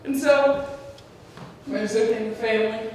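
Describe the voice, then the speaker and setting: A woman's voice: fairly high pitch, fairly even intonation, normal speed, darkish tone. A woman shares personal stories with a gathered audience, acting out the voices she quotes and laughing often. Her voice is caught from far off in a big hall with heavy echo. A faint hum sits underneath. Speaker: speaker at a memorial tribute. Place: large hall at a community gathering.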